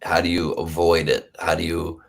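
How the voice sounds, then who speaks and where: A man's voice: low voice, flat delivery, normal speed, creaky. A man hosting a podcast, asking thoughtful, probing questions in casual interview chat. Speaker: podcast host.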